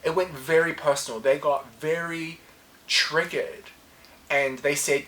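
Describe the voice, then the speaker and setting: Speaking a little slowly with fairly even intonation, this low-voiced, fairly bright-toned podcast host shares a personal story alone on her casual show, animatedly performing her past lines. She sounds reflective and self-coaching, and the recording quality is low.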